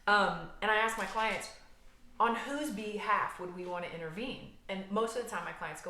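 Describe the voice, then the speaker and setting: A woman therapist guiding a somatic healing exercise, calm and gentle, explaining step by step with frequent fillers. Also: mid-range voice, moderate pace, echoey room.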